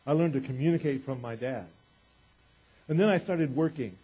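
Animated husky male preacher. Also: on the high side, moderate pace. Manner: animated, conversational preaching with acted quotes. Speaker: pastor. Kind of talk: sermon. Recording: dull lo-fi recording.

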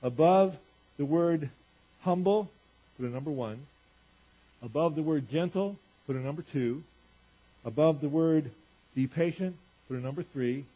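A male pastor preaching a sermon in a conversational way, repeating phrases and rising in pitch for emphasis. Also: a little slow, pauses often, dark tone, husky. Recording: dull lo-fi recording.

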